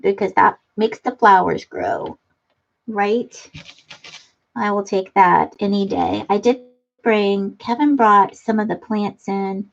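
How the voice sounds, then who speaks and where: A woman's voice: mid-range voice, slow, creaky, muffled recording. A middle-aged woman hosting a casual craft livestream from her front room, chatting and giggling with viewers as she reads their comments. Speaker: livestream host. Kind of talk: casual chat while crafting, reading comments. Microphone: computer webcam mic.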